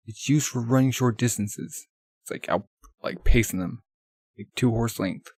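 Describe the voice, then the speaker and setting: A man casually narrating a comic as he reads it, with excitable, filler-heavy play-by-play. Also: mid-range voice, a little slow, long pauses, husky, no room sound. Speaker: manga reader.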